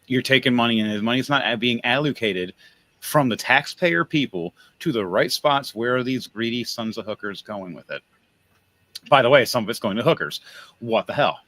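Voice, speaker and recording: A man's voice: mid-range voice, lively intonation, moderate pace, fairly bright tone, dry recording. A man hosting a podcast, talking in a blunt, crude and rambling way in casual opinionated chat. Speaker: podcast host.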